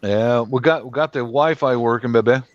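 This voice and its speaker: A man's voice: mid-range voice, moderate pace, lo-fi sound. A man chatting casually on a family live stream, easygoing and teasing, speaking through a webcam mic at home. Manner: easygoing, teasing, rambling about cars. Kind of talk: casual chat.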